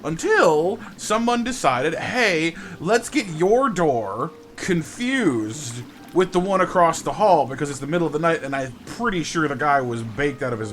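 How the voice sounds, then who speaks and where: A man's voice: fairly high pitch, fairly bright tone. A man streaming a game live, telling a rambling story and greeting his chat with lots of stammered restarts. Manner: chatty storyteller, repeats words when starting sentences.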